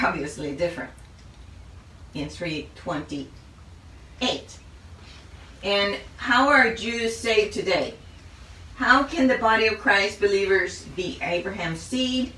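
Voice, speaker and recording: Woman Bible teacher, slow and measured, bright tone, roomy distant mic. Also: mid-range voice. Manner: measured, reads out a list of questions. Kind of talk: Bible study lesson.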